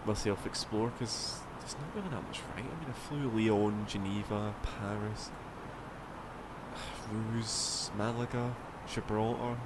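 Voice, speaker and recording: Chatty Scottish man over engine hum. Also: fairly low pitch. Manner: rambling, chatty, swears casually. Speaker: flight sim streamer. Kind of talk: casual gameplay commentary.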